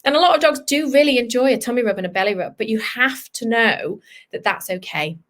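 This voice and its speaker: A chatty woman leads a live online lesson for children, full of questions and playful asides. Her voice sits a touch high and lively, and the sound is a home video call. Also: fairly quick. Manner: animated, chatty, acts out dog voices. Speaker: vet teaching kids.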